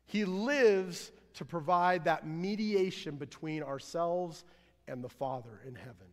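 Man preaching, somewhat high voice, earnest, rises and falls, long hall reverb. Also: unhurried. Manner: earnest preaching, swelling louder then dropping low. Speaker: pastor. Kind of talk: sermon.

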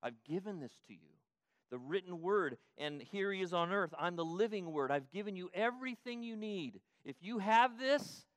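An older male pastor delivering a sermon in a fairly high voice. He preaches emphatically, repeating phrases, restarting mid-thought and swelling to loud peaks. The recording is close and dry. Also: expressive, normal speed, dry recording.

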